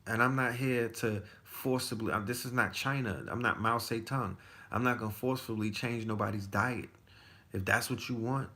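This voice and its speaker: Bright-toned man in his forties, gravelly. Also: medium pitch, steady tone, moderate pace. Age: 40s. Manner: loose, profane storytelling with many restarts. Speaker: podcast guest. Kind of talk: casual chat. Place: Texas.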